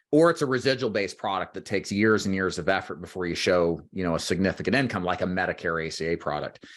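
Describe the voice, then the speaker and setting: Low-voiced man hosting a sales interview. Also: a bit bright. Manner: talks in long explanatory runs, addressing viewers directly. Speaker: host and agency owner. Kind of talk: interview for a recruiting livestream.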